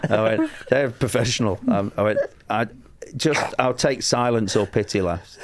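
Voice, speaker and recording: A comedian from England telling a long anecdote on a podcast, acting out quotes and laughing a lot. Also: male voice, mid-range voice, expressive, moderate pace, a little hiss or hum. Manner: storytelling with acted-out quotes, laughing often. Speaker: comedian guest.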